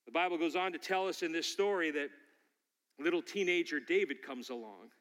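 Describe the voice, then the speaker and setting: Bright-voiced preacher in a reverberant hall. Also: male voice, a little high, fairly quick. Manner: storytelling, rising to forceful exhortation. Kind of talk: sermon.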